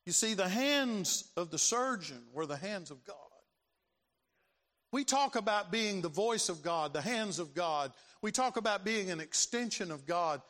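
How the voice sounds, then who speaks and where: A man, preaching a sermon and telling a personal story, acting out voices and building to loud emphasis. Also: high voice, lively intonation, measured pace. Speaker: pastor. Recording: long hall reverb.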